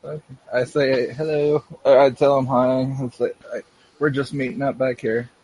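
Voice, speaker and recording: Husky guy player, kinda unsure, soft. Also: medium pitch, level tone, normal speed, poor audio. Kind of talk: casual tabletop play.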